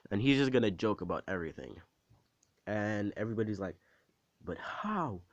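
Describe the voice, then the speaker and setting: A man spins a fan story off the cuff in a low, easygoing voice. He rambles, stops for fillers, and checks in with the listener as he goes. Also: animated, fast, highs cut off. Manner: rambling, full of fillers and "right?" asides. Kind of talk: casual improvised fan-story narration.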